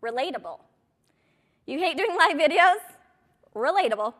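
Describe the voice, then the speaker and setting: High, lively woman giving a pep talk. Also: moderate pace. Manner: chatty, rambling, self-deprecating asides. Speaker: direct sales business coach. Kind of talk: motivational talk to an audience.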